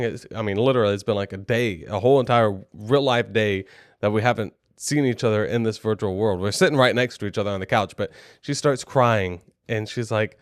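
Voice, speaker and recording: Man, young adult, podcast co-host, casual rambling storytelling, self-deprecating, slightly low voice. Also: brisk, dry recording, clean studio sound.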